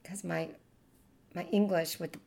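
A woman's voice: on the low side, fairly even intonation, measured pace, vocal fry, darkish tone. Older woman with a Cajun Louisiana accent. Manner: chatty, laughs often between stories. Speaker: interviewee. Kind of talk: oral history reminiscing.

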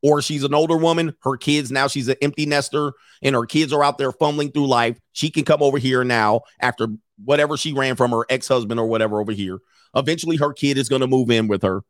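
A man's voice: medium pitch, fairly even intonation, fast, no echo, clean studio sound. A man giving dating advice to his viewers in a casual monologue, with a brash, profane and joking delivery.

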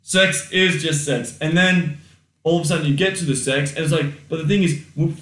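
A man's voice: on the high side, fairly even intonation, normal speed, fairly bright tone, distant mic. A man co-hosting a podcast, giving casual advice with blunt, swear-heavy talk and acted-out inner thoughts. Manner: blunt, swears freely, acts out quoted thoughts. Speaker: podcast co-host. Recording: roomy echo, a little off mic.

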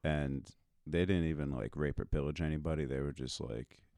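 A man with a very deep voice, a podcast guest in casual chat, talking in a low-key drawl that trails off with pauses. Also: fairly even intonation, warm tone, no room sound, studio quality.

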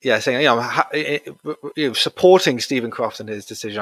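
A man hosting a podcast, thoughtful and measured, pausing and hesitating as he works through his points. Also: medium pitch, a bit bright, no echo. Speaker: podcast host. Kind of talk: conversational podcast discussion.

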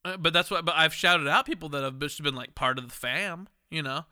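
A man's voice: on the high side, a little fast, sharp tone. A tipsy, tired man hosting a late-night podcast, rambling and emphatic, laughing and cursing. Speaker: podcast host. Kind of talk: casual drunk podcast chat.

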